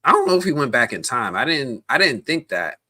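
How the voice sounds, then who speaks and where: A man hosting a casual live stream, chatty and animated, talking straight to his viewers with plenty of slang, fillers and restarts. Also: mid-range voice, a little fast. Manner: slangy, addresses viewers directly.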